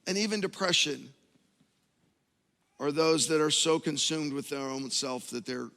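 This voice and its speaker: A middle-aged male pastor preaching a sermon, telling a personal story with self-mocking humor and building to loud, emphatic peaks. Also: mid-range voice, steady tone, normal speed, clear, resonant tone, in a large hall. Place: church auditorium.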